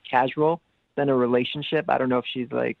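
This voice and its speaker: Young male phone caller, unsure and halting, creaky voice over a thin phone line. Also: mid-range voice, little pitch movement, no room sound. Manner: hesitant, halting, many fillers. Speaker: phone guest.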